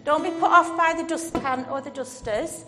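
A woman addresses an all-age gathering in a church hall, naming the children one by one and encouraging them. She has a high voice and a moderate pace, recorded amid the hall's reverb and faint music.

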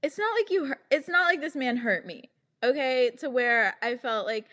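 A woman's voice: high-pitched, animated, normal speed, fairly bright tone. A young woman hosting a podcast, ranting in a sarcastic, exasperated way and swearing often. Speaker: podcast host. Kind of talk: casual podcast rant.

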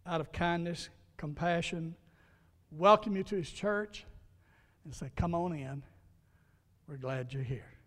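A pastor with a high-pitched voice preaches a sermon in a large hall. He tells folksy stories and keeps repeating key lines for emphasis.

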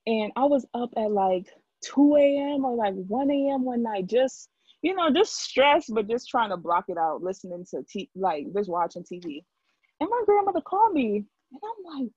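A woman's voice: fairly high pitch, very animated, moderate pace, darkish tone, breathy edge, no echo, muffled recording. A young woman talking in a casual chat, filling her speech with "like" as she tells her story. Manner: talkative, heavy use of "like". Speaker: guest.

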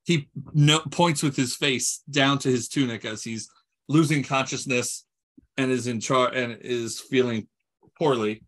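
A man in the game master's seat narrates a tabletop adventure, stopping and restarting his sentences as he works out the scene. His voice sits at an everyday middle pitch. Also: steady tone, fairly bright tone. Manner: halting, with many fillers and restarts.

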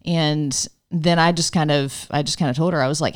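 A woman talking in a casual conversation, animatedly telling a faith story and imitating a friend's halting English. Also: deep voice, steady tone. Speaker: guest missionary.

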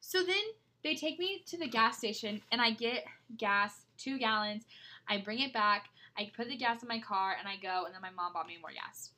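Bright-voiced young woman telling stories. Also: a little high, normal speed. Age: young adult. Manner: animated storytelling, dramatic retellings. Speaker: podcast co-host. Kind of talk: casual chat.

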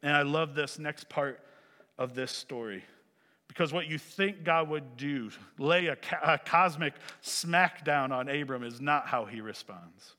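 A male preacher giving a sermon, animated, swinging from loud emphasis to hushed lines. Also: fairly high pitch. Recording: echoey hall.

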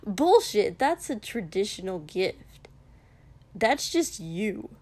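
A woman voicing Kotsky, a wry, grumpy male king who is easily exasperated, read slowly. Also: medium pitch, sing-song, a little mellow. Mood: snapping.

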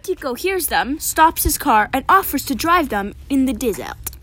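A woman reading a children's storybook aloud in an expressive way. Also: high-pitched, moderate pace, slight background noise. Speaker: reader.

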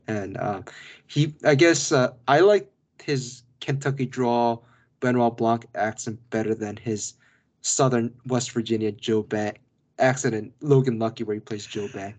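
A man's voice: medium pitch, moderate pace, a little mellow. A man co-hosting a podcast, chatting casually about a film with many restarts and asides. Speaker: podcast co-host. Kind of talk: casual film review chat.

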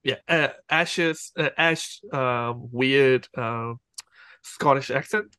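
A man's voice: medium pitch, takes it slowly, bright, forceful tone, clear, resonant tone, no echo. A man co-hosting a podcast, rambling through a casual TV episode recap and laughing at his own jokes. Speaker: podcast co-host.

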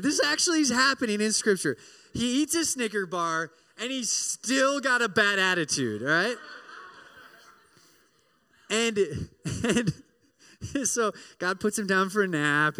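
A man preaching a sermon as pastor, in an animated, conversational way, often checking in with "right?" and acting out the prayers he quotes. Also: sits high. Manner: acts out prayers and voices in quoted lines. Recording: long hall reverb.

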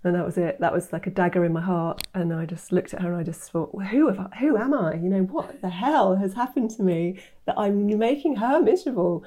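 A woman in her fifties, a nutritionist guest telling her story in an animated way, acting out quoted voices. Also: medium pitch, a little fast, hardly any pauses. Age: 50s. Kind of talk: interview storytelling.

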